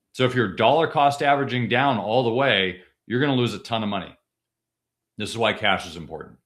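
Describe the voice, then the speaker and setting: A man's voice: fairly low pitch, a bit bright. Emphatic repetitive podcast host man. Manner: emphatic, repeats key points, frequent restarts. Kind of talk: casual podcast discussion.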